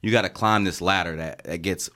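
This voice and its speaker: Man, 30s, deep and low, casual podcast storyteller, swears freely, animated when he acts out the people he quotes. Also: brisk. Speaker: podcast co-host, Army veteran. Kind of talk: casual storytelling among friends.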